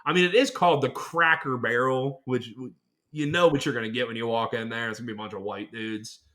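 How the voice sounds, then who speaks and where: Bright-voiced profane male podcast host. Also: medium pitch, fairly even intonation, brisk. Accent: Western Pennsylvania. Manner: profane, boisterous, jumps into exaggerated impressions. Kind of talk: casual chat.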